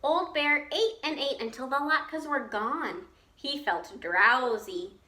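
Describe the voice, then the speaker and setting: A woman teacher reading a children's picture book aloud, slowly and expressively, pausing to explain to her listeners. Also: high-pitched, slight background noise. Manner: slow, expressive storytelling with asides to listeners.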